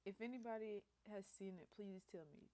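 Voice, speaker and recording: A woman's voice: mid-range voice, steady tone, a little fast, warm tone. A young woman hosting a casual livestream, talking loosely and directly to her viewers with lots of slang and asides. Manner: loose, chatty, slangy, addresses viewers as y'all. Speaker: livestream host.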